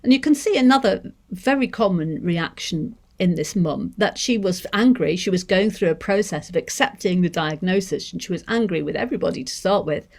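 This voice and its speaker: A woman with a Manchester accent giving a seminar talk on deaf education, measured and thoughtful, pausing to rephrase. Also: fairly low pitch, lively intonation, darkish tone. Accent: English, Manchester. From Manchester, England. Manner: measured, thoughtful, with restarts and hedges.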